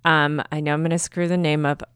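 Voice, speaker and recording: A woman's voice: low voice, little pitch movement, brisk, fairly bright tone, clear, resonant tone, no room sound, studio quality. A woman co-hosting a casual podcast, easygoing and laughing along. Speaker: podcast co-host.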